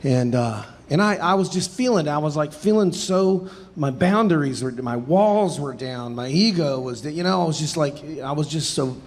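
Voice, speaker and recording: With a fairly high pitch and an animated, normal-speed delivery, the thirty-something comedian does stand-up storytelling on a theater stage for a live crowd. He rambles, jokes at his own expense, and often laughs through his lines.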